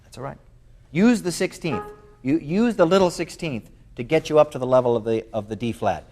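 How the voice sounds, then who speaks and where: A man's voice: fairly high pitch, expressive, a little fast. Man coaching a music masterclass. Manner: explains, then sings phrases on syllables; thoughtful, with many fillers. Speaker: music clinician.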